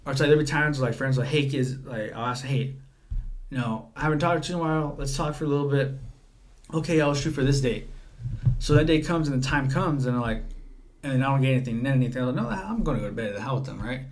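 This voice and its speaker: A man's voice: mid-range voice, steady tone, fast. An eighteen-year-old man, a podcast guest, talking casually and rambling as he acts out his text exchanges. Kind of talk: casual chat.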